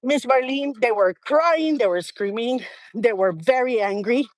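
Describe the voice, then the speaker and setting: High-voiced woman telling a lively story. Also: measured pace, no room sound. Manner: lively, laughs often, acts out family quotes. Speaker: guest. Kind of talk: conversational storytelling.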